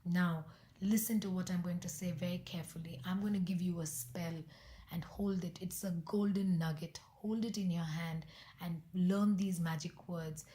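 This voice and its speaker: A woman's voice: lowish voice, fairly even intonation, normal speed, dark tone, roomy sound, lightly acted. A woman voicing a wise, secretive magic fish who gives urgent whispered warnings.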